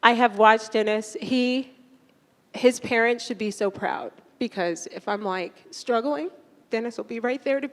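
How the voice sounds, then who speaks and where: A woman's voice: a little high, a little slow. A young woman teacher giving an emotional, fond farewell speech to her graduating students, holding back tears and laughing between lines. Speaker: orchestra teacher. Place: large concert hall. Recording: echoey hall reverb.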